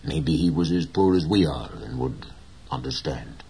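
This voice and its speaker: A man playing a proud old fisherman in an audiobook, deep and husky, speaking slowly and with quiet dignity. The voice rises and falls with plenty of movement despite its gentle calm. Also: exaggerated voice. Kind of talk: audiobook character reading.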